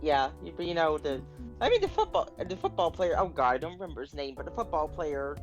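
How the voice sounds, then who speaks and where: A woman's voice: low-pitched, big pitch swings, quick pace, soft background music, low-quality recording. A woman co-streaming a story game, chatting in a blunt, joking way and swearing casually. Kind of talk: casual chat while playing a game.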